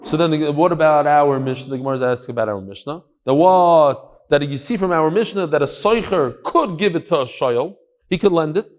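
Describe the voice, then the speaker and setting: Man, middle-aged, Talmud lecture, storytelling, slightly high voice, very lively pitch. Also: brisk. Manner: lively, acts out the voices in his stories, shouts at the climax. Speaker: Talmud teacher.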